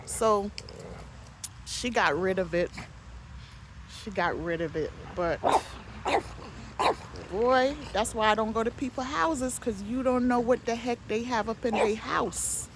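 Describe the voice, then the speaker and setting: A chatty woman with a slightly raised pitch tells stories about her neighbors in a loose, gossipy way. She swears, then apologizes for it. Her voice carries faint outdoor ambience behind it. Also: slow pace, long pauses, noisy background. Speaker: vlogger telling neighborhood stories. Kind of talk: casual storytelling monologue. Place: outdoors near parked vehicles.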